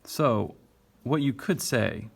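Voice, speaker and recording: A man's voice: medium pitch, expressive, takes it slowly, creaky, slightly rough. A male teacher explaining poetry step by step in a recorded lesson, tapping out the stressed beats as he reads.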